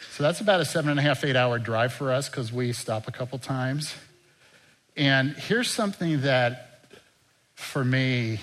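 An older pastor with a medium-pitched voice preaches a sermon. His delivery is earnest and conversational, dropping to a soft, quiet tone.

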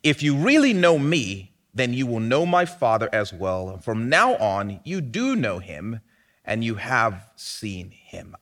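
A man preaching a sermon, animated and building to loud emphatic peaks. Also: mid-range voice, a little slow. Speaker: pastor.

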